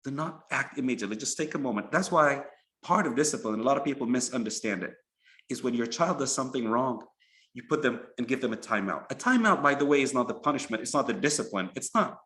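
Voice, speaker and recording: A man's voice: medium pitch, fast talker. A man, an imam, telling a story in a sermon and acting out the characters. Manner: animated, acts out the characters.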